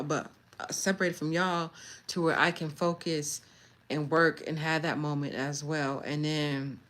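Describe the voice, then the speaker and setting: Lady from cali doing a chill livestream chat, bit low voice, laughs a lot, talks right to the chat. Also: a little hiss or hum. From California. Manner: chatty and animated, laughs often, addresses the chat directly. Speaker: livestream host. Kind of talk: casual live chat with viewers.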